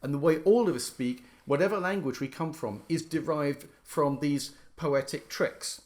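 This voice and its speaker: A man's voice: a little high, moderate pace, a little mellow. A middle-aged man giving an informal lecture as a musician, explaining by speaking out the stresses he describes. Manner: explains by demonstrating stresses aloud. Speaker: lecturer and violinist.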